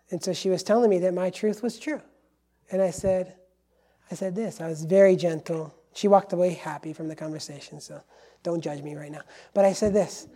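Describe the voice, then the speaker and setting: Man, pastor, sermon, warm mellow voice, emphatic, loud and hushed by turns. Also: sits high.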